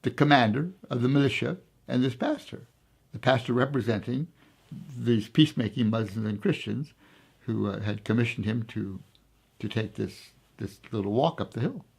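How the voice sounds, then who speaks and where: Man, interview guest, gravelly voice, husky tone, hesitant storytelling with pauses. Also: medium pitch. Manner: hesitant, many pauses and fillers; reflective, unhurried storytelling.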